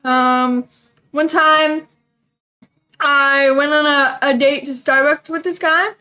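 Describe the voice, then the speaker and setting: A young woman telling rambling personal stories in a casual vlog chat, talking fast and loud until she runs short of breath. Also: high voice, steady tone, faint music behind, rough recording. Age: young adult. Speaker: vlogger.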